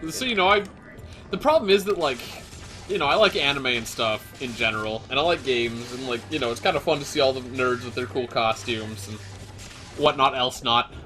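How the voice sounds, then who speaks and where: A man's voice: medium pitch, a little fast, pushed and bright, soft background music. A young man co-hosting a let's play, chatting casually in a rambling way with fillers and laughs. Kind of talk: casual gaming commentary.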